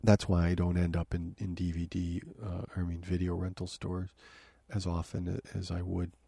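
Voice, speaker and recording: A man's voice: low-pitched, monotone, normal speed, vocal fry, mellow, slightly rough, no room sound. A man hosting a podcast from his home office, chatting casually with frequent fillers and restarts. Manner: rambling, many fillers and restarts. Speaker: podcast host. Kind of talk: casual review talk.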